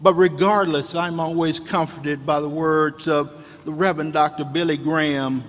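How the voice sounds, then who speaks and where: A man delivers a stirring commencement address, rising and falling like a preacher. His voice sits a little high for a man. It rings out through a large hall with a long echo. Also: steady tone, moderate pace. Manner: rousing, preacher-like cadence with repeated calls. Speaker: commencement speaker. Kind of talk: inspirational commencement speech.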